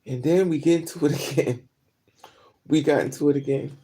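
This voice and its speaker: A woman vlogger casually telling a story to her viewers, blunt and profane, with animated delivery. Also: deep voice, moderate pace, slight background noise.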